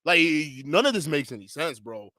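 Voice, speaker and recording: A man with a high, bright voice reacts to a clip he's watching, laughing hard and shouting in disbelief between blunt, profane slang. He talks straight to his viewers. The sound is dry and close. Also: sing-song, normal speed, no echo. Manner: blunt street slang, addresses viewers directly. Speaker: reaction video host. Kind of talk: reaction commentary.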